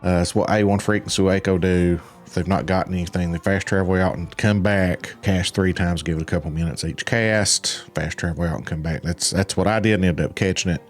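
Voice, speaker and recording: A man's voice: low-pitched, steady tone, brisk, few pauses, faint music behind. A man giving casual gameplay commentary as a game guide host, laid-back and rambling, with frequent fillers.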